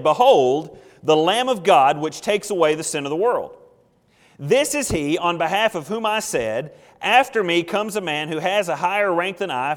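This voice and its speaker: A male pastor preaching an emphatic sermon, asking questions and acting out quotes. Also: on the high side. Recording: long hall reverb.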